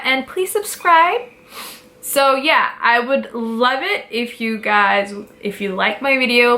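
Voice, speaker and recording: Bright chatty young woman vlogger. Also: on the high side. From Pakistani roots. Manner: chatty, direct, giggly, lots of "like". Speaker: beauty vlogger. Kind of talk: casual chat to camera.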